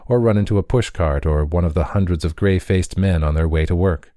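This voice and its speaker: A man narrating a short story in a measured, steady way. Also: deep voice, dry recording, clean studio sound. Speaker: audiobook reader.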